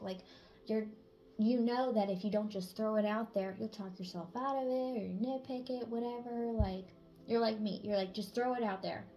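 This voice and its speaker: A woman tarot reader giving a channeled spiritual reading in a blunt, casual way, swearing freely and sometimes dropping to a hush. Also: on the high side.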